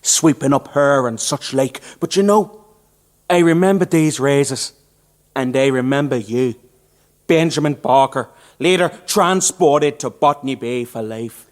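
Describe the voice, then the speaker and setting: A man's voice: mid-range voice, a little slow, lightly acted. A man with an Irish accent playing a swaggering con-man barber who poses as an Italian in a radio musical drama, with a mocking, wheedling drawl. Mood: menacing.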